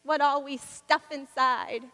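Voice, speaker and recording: A woman preaches in a church, her delivery rhythmic, repetitive and emphatic. Her voice is high and bright. It echoes through a large reverberant hall. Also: fairly even intonation, slow pace. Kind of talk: sermon.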